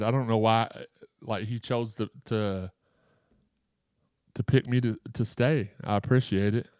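Male podcast host, smooth dry voice, rambling and jokey, sore throat. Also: mid-range voice, dry recording. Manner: joking, rambling, reads chat comments aloud. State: sore throat after surgery. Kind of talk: live-streamed casual podcast chat.

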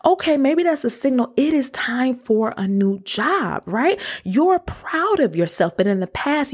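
A woman's voice: fairly high pitch, a little mellow, breathy edge. A young woman hosting a motivational podcast, talking casually and animatedly, often laughing and acting out her own inner voice. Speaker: podcast host.

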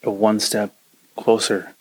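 A man's voice: lowish voice, monotone, slow, darkish tone, husky. A man hosting a podcast, ranting casually and acting out quoted voices as he gives advice. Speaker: podcast host.

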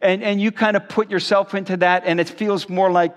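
A man's voice: sits high, fairly even intonation, fairly quick, hardly any pauses. A male pastor preaching a sermon at a church service, conversational and earnest.

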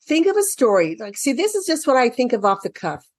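A woman's voice: fairly high pitch, big pitch swings, fairly quick, slightly rough, dry recording, studio quality. A woman walking parents through a children's workbook in a casual explanatory way. She reads passages aloud and asks questions that she then answers herself.

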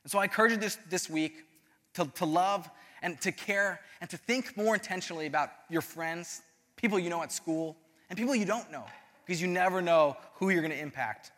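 A young male youth pastor preaches with a bright, forceful voice, pitched high. He tells personal stories in an animated, self-deprecating way. The sound carries a long reverb from a large hall. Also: fairly quick. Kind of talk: sermon.

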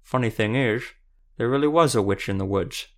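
A man voicing a gruff, menacing male huntsman who is surly and cold. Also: medium pitch, normal speed, close to an everyday voice.

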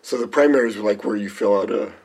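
A man's voice: fairly low pitch, fast, a little mellow, rough recording. A man co-hosting a podcast, chatting casually and dryly correcting his friend. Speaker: podcast co-host. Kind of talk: casual chat.

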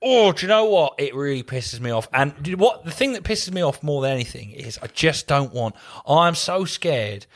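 A man's voice: a little high, very animated, moderate pace, hardly any pauses. Sweary ranting man. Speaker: podcast co-host. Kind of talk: casual chat.

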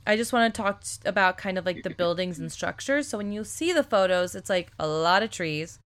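A woman co-hosting a casual podcast, chatty and loose, swearing freely and filling pauses with ums. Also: fairly low pitch, lively intonation. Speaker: podcast co-host. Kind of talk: casual chat.

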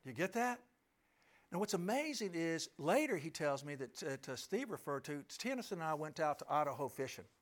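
Lively high-voiced man telling a story. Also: fairly quick. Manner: emphatic, with rhetorical questions to listeners. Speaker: speaker addressing an audience. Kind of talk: personal storytelling talk.

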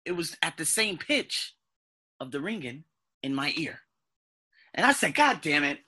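A man vlogging to camera shares a personal tale in a husky-edged voice that is tense, piercing and extremely bright. It sits fairly high and moves through big pitch swings, at a slightly slow pace. He keeps things casual and animated, swearing freely and sometimes imitating sounds.

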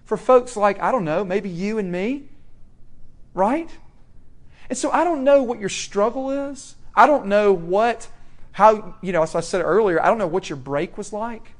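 A young man preaching a sermon, swinging from loud, emphatic questions to soft, hushed warnings. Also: sits high, unhurried.

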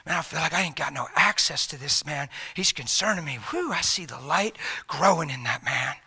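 A man's voice: on the high side, expressive, normal speed, creaky, bright, forceful tone, husky, pitched below the performer's own voice, full character voice. A man voicing a scheming male devil who bosses his demons, grumbling and barking orders. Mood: brooding.

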